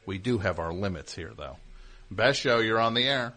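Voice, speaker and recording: A man's voice: on the low side, lively intonation, moderate pace, pushed and bright. A man hosting a comedy call-in radio show, teasing callers and riffing in long rambling runs.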